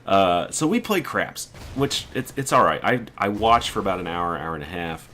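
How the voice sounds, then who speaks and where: A man's voice: sits low, very animated, moderate pace, sharp tone. A man casually telling a story about a weekend trip, quoting his friends and sounding exasperated. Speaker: gaming video creator.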